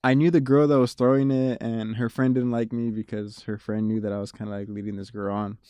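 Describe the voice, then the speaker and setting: A man's voice: lowish voice, level tone, brisk, dark tone, clear, resonant tone, dry recording. A young man, a musician guest, telling stories in casual interview chat, laughing and swearing often. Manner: laid-back storyteller, laughs and swears often.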